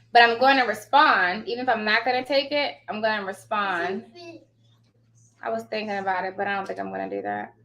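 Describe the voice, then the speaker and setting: High-pitched woman, animated and bright, chatty storyteller talking to viewers. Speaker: notary signing agent vlogger. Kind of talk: casual chat to viewers.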